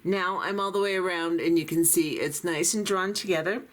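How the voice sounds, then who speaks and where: Lower-voiced woman teaching beadwork. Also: fairly even intonation, normal speed. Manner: patient, talks while working with her hands. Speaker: beading tutorial host. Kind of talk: step-by-step craft instruction.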